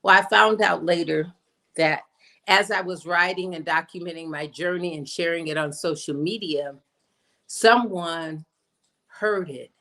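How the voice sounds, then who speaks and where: A woman minister giving an inspirational sermon as a personal story, slowing down to stress her points. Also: pushed and bright. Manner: storytelling, acts out quoted voices with big pitch jumps; slows down for emphasis. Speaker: guest minister. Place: streamed in from home or studio.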